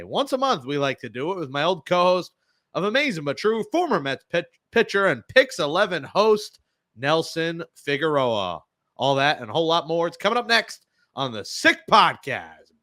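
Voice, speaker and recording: A man hosting a sports podcast, talking casually with jokey, animated asides. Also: a little high, normal speed. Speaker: podcast host.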